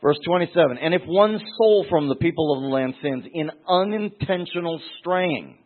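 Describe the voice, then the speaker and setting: Male Bible teacher, verse by verse, emphatic with repeated words, slightly high voice, tinny phone-like recording. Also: expressive, normal speed.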